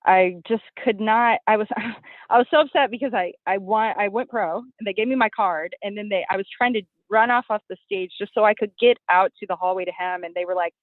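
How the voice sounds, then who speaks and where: A woman in her thirties, a guest on an interview show, telling stories animatedly and acting out quotes in a high voice. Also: a little fast, dry recording. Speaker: podcast guest, bodybuilding competitor. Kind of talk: casual interview chat. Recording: tinny phone-like line, dry.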